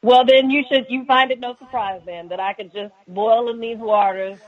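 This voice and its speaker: A woman's voice: a little high, fairly even intonation, moderate pace, lo-fi sound. A woman guesting on a podcast in casual chat, playful and mock-dramatic, teasing herself.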